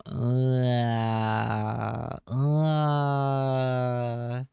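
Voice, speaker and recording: 男性配信者、クリアで乾いた声. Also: male voice, medium pitch, drawn-out words, gravelly, a little mellow, clear, resonant tone, no room sound, clean studio sound. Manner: wry, talks to chat, repeats words when reacting. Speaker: streamer. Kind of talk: casual live-stream chat.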